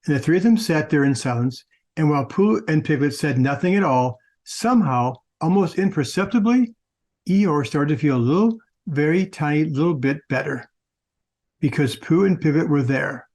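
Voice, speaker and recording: Male host, conversational storyteller, mid-pitched, restarts phrases often. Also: a little mellow. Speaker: podcast host. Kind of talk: casual storytelling, reading aloud.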